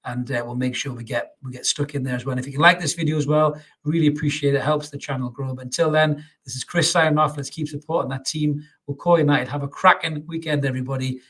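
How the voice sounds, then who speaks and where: A man's voice: a little high, fairly even intonation, quick pace, fairly bright tone, slightly rough. A man hosting a live fan stream, chatting through viewer comments and calling everyone mate. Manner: chatty, calls everyone mate, many restarts. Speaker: fan channel host.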